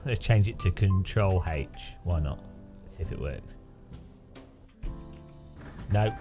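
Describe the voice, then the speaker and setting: A man's voice: low voice, big pitch swings, takes it slowly, pauses often, darkish tone, faint music behind. A man streaming a game, rambling and joking with his chat in a self-mocking way. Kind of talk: casual live stream chat while gaming.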